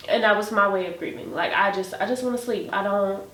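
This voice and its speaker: A woman co-hosting a casual podcast, talking in an earnest, reflective way and often restarting her sentences. She sounds somewhat far from the mic. The room gives her voice a clear echo. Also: mid-range voice, fast, a bit bright. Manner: reflective, earnest, repeats words as she thinks. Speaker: podcast co-host. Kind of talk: casual chat.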